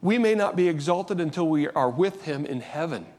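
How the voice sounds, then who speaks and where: A man's voice: on the high side, animated, normal speed, darkish tone. A middle-aged man preaching a sermon as pastor, earnest and conversational, often restarting his sentences.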